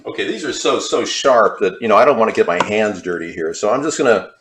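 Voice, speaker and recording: A man's voice: on the low side, lively intonation, quick pace, background noise. A man cooking in a home kitchen, rambling playfully with mock-posh asides as he demonstrates a recipe. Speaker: home cook vlogger.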